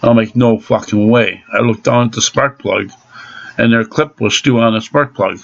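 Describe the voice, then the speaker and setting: A man's voice: medium pitch, normal speed, vocal fry. Angry man ranting, lo-fi sound. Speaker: angry car owner. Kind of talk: ranting vlog. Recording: dull lo-fi recording.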